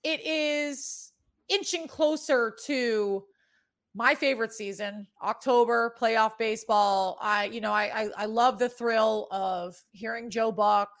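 A woman's voice: on the high side, steady tone, measured pace. A woman in her thirties from New England with a Boston accent tinged with New York, hosting a sports betting show in rambling, casually profane chat.

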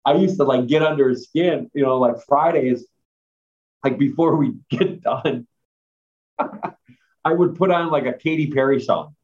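A man's voice: medium pitch, a little slow, long pauses, a little mellow. A man, a former strength coach, rambling through anecdotes in a casual chat with lots of fillers. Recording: dull lo-fi sound.

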